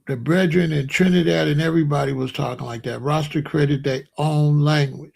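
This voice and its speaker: A man with a gravelly, creaky voice sitting a touch high for a man. He hosts a livestream and lectures his chat insistently, hammering the same points again and again. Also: a little mellow. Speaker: streamer host. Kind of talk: livestream commentary answering chat.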